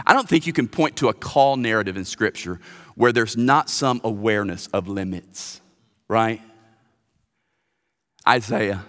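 A man preaching a sermon as pastor, animated and often stammering through restarts. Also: medium pitch. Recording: long reverb of a large hall.

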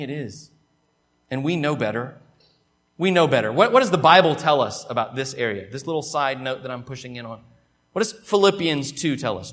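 A man preaching a sermon to his church, emphatic, repeating words, and dropping from loud stresses to hushed asides. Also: mid-range voice. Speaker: pastor.

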